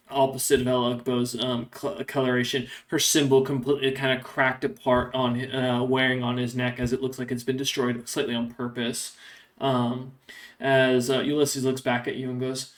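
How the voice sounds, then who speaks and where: A man's voice: medium pitch, low-quality recording. A young man running a tabletop game, describing characters and scenes with frequent fillers and hedges. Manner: halting, many fillers and hedges. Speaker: game master.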